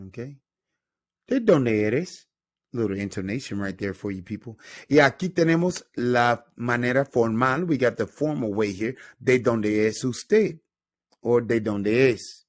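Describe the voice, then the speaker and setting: A man's voice: mid-range voice, no echo, clean studio sound. Upbeat man teaching Spanish phrases. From North Carolina. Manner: upbeat, repeats phrases slowly for learners. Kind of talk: classroom-style language lesson.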